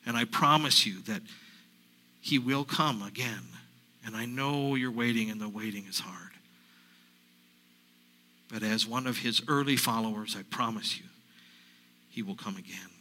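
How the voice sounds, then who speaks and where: A man, a pastor, voicing a grieving woman disciple in a first-person dramatic sermon monologue, halting and repeating himself as he retells. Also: mid-range voice, sharp tone, lightly acted, poor audio. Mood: earnest. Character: grieving woman disciple recounting the empty tomb.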